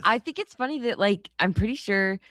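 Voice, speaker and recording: A woman's voice: mid-range voice, expressive, a little fast, a bit bright, no echo, clean studio sound. A woman co-hosting a film podcast, chatting casually and animatedly, swearing often. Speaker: podcast co-host. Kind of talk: casual chat.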